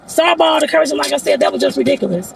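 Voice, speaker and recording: A woman with a heavily gravelly, creaky voice talks straight to her viewers from inside a car. Her manner is blunt and outspoken, the casual advice of a life-lesson vlog, with faint traffic noise behind her. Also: sits high, expressive, rapid-fire. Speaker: vlogger giving life advice. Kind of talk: casual talking-head vlog.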